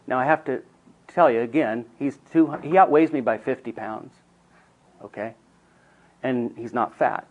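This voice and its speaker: Speaking to a room of counselors, this middle-aged man shares a family story with earnest feeling, moving from quiet tones to emphatic ones. His voice is mid-range, captured on a muffled recording.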